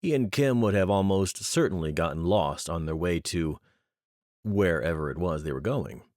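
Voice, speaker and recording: A man narrating an audiobook with steady, even storytelling. His voice is very low. The recording is close and dry. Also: normal speed, dry recording. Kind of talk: scripted narration.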